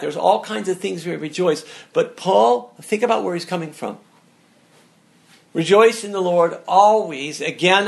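Emphatic gravelly-voiced male preacher. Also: sits high, fairly bright tone. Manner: emphatic, repeats and restarts words. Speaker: pastor. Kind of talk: sermon.

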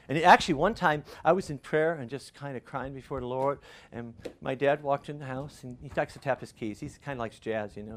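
A middle-aged male pastor preaching a conversational sermon, telling stories with lively restarts. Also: medium pitch, a little fast, few pauses. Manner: conversational, animated storytelling with restarts.

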